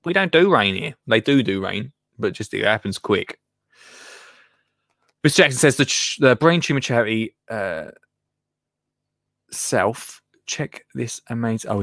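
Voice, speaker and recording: A man's voice: on the low side, normal speed, creaky, pauses often, fairly bright tone, dry recording, studio quality. A man from England hosting a live show, chatting casually and rambling as he reads out listener comments, laughing often and trailing off into mutters. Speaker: radio show host.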